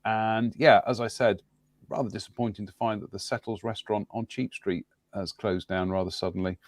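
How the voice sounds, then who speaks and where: A man hosting a casual live-stream chat from a home studio, his voice a bit croaky tonight, talking in a rambling, jokey way. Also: lowish voice, steady tone, brisk, dry recording. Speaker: host.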